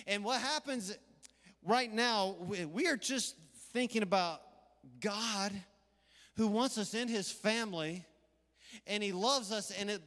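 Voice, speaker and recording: Energetic Southern pastor in reverberant church. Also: male voice, high-pitched. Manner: energetic, conversational, playful asides. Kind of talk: sermon. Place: church sanctuary. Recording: live church hall reverb.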